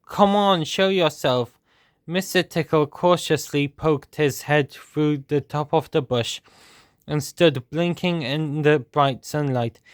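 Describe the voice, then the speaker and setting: Male storyteller, steady measured read-aloud, dry close sound. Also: fairly high pitch, clear, resonant tone, no echo. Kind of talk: reading a children's storybook aloud.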